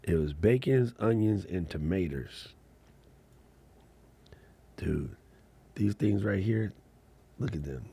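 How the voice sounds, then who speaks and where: A man's voice: low-pitched, animated, slow pace, gravelly, long pauses, mellow, breathy edge. A man hosting a casual livestream chat as a content creator, laid-back and slangy, laughing often.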